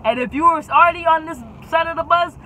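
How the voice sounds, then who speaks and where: A young woman tells a story in a lively, dramatic way and often checks in with "okay?" Her voice is bright and forceful, with faint traffic from outside the car she records in. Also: very high voice, fast talker, poor audio. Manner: animated, dramatic, keeps adding "okay?". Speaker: YouTube storyteller. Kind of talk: casual storytime.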